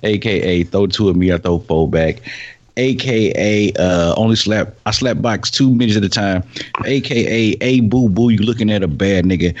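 A man's voice: on the low side, normal speed, darkish tone, lo-fi sound. A man co-hosting a casual podcast, boasting and joking through his intro. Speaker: podcast co-host.

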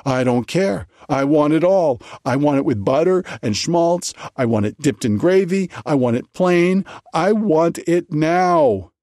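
A man voicing a hungry male rabbi who works himself into an excited, demanding rant. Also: mid-range voice, slow pace, pauses often, husky, no echo, clean studio sound. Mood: frantic craving. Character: frantic hungry male rabbi, middle-aged.

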